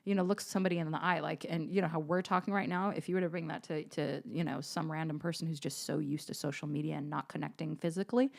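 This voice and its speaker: Woman, low voice, singer guest, casual interview, blunt, profane, sarcastic. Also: steady tone, fast, gravelly, few pauses.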